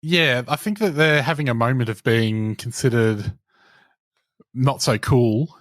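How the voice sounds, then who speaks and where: A man's voice: medium pitch, unhurried, a bit bright, no echo, clean studio sound. A young man, co-hosting a podcast in casual chat, telling stories in a wry, sardonic way. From Australia. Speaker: podcast co-host.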